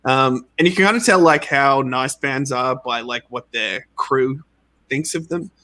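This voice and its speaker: A man, a game creator being interviewed, telling stories in a casual, animated way, laughing often and saying "like" a lot. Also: mid-range voice, a little slow. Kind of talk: casual storytelling.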